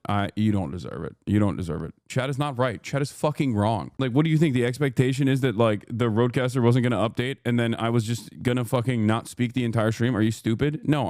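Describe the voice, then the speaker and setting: This livestream host, a man in his thirties, has a mid-range, darkish voice with no room sound. He's ranting in casual stream chat, heated and full of profanity and fillers, into a studio mic going through a mixer.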